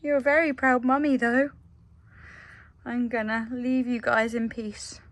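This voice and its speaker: A woman's voice: a little high, level tone, moderate pace. A woman vlogging casually from her stables, chatting to the camera and cooing baby talk to her animals. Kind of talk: casual vlog chat.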